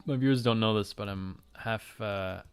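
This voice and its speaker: Rambling low-voiced Canadian streamer. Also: male voice, moderate pace, clear, resonant tone. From Canada, Ontario. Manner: rambling, self-interrupting, joking with chat. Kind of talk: casual stream chat answering viewers. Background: faint music.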